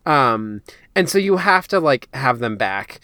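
Smooth-voiced man chatting on a podcast. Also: medium pitch, no echo, clean studio sound. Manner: animated, lots of filler words, quick asides. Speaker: podcast co-host. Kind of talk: casual chat.

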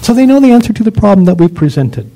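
A man's voice: high-pitched, sing-song, fast talker, warm tone, rough recording. A man lecturing on dog training in an emphatic, ranting way, full of rhetorical questions.

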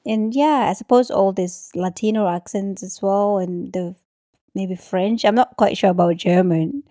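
A woman from England hosting a casual chat, frank and quick to laugh. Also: medium pitch, mellow, no echo, studio quality. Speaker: podcast host.

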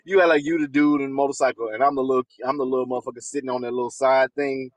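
A man co-hosting a podcast in casual chat, speaking in with loud, profane, animated banter. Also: mid-range voice, rapid-fire, dry recording, rough recording. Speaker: podcast co-host.

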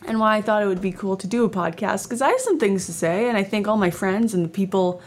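A woman's voice: medium pitch, expressive, fast. A woman in her twenties from Canada, hosting a casual solo podcast, chatty and rambling with lots of fillers and self-deprecating asides. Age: 20s. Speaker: podcast host.

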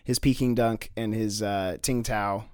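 A man's voice: lowish voice, fairly even intonation, measured pace, smooth, no room sound, studio quality. A man in casual chat, brainstorming a story, rambling with many fillers and swearing as he acts out characters' lines.

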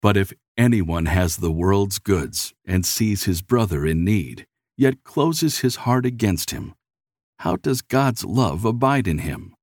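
A man doing a calm, humble saintly bishop. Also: low voice, takes it slowly, breathy edge, dry recording, studio quality, full character voice. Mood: calm counsel.

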